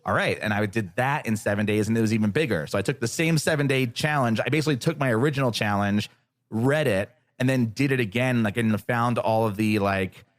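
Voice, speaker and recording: A man as a podcast guest, telling a story in casual chat, animated, sarcastic and freely profane. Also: medium pitch, brisk, dry recording.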